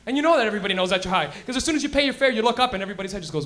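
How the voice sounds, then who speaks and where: A man hosting a comedy show, doing a loud, crude stand-up bit with acted-out rants. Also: sits high, lively intonation, very fast. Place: comedy club stage.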